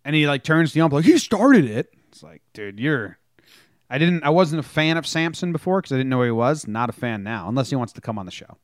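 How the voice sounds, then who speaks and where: A man's voice: medium pitch, fast, no room sound, clean studio sound. A man co-hosting a casual sports podcast, retelling game moments and acting out the players' lines. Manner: animated storytelling, acts out quotes. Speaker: podcast co-host.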